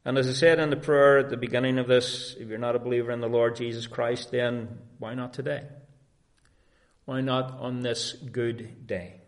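A man's voice: medium pitch, level tone, normal speed. A man preaching a sermon in an earnest, emphatic way.

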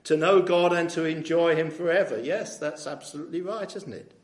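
A man's voice: fairly high pitch, brisk. A man preaching a sermon in a conversational way, often asking tag questions of his listeners. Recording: echoey room.

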